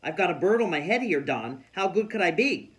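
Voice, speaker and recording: A man voicing an excitable little schoolgirl in a storybook reading, shrill and loud when upset. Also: fairly quick. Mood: sassy, glum.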